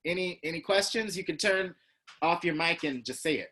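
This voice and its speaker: A man from Georgia in the US, a teacher telling a class a personal story. He acts out other people's lines with big pitch swings. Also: expressive, normal speed, sharp tone. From Georgia, USA. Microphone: video call.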